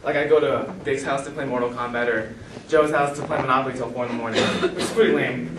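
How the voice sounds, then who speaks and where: A man telling stand-up stories on a comedy club stage, animated and acting out the people in them. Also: medium pitch, fast talker, distant mic. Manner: animated, acts out quoted voices. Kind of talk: stand-up storytelling. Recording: roomy club sound from afar, noisy. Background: club audience laughter.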